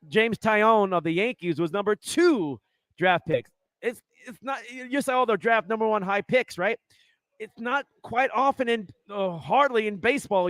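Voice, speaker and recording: A man hosting a sports podcast in casual chat, excitable and rambling, checking in with "right?" often. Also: sits high, dry recording. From Arizona. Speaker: podcast host.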